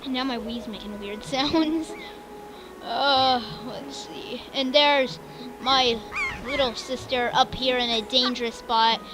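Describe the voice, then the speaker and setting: A woman's voice: high-pitched, slow pace, background noise. A woman on a cheap mic giving casual, jokey gameplay commentary. She narrates the scenes sarcastically. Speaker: game streamer.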